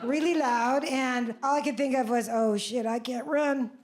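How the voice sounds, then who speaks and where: A woman in her seventies performs live stand-up on a comedy club stage, telling stories in a brash, self-mocking way full of big exclamations. Her voice is high-pitched at a moderate pace. It is picked up by the club's stage mic along with audience noise and laughter.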